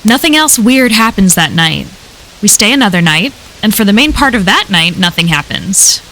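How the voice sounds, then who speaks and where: A woman's voice: medium pitch, sing-song, moderate pace, sharp tone, slight background noise. A woman reading a first-person horror story aloud on a live stream, in a casual, conversational telling full of swearing.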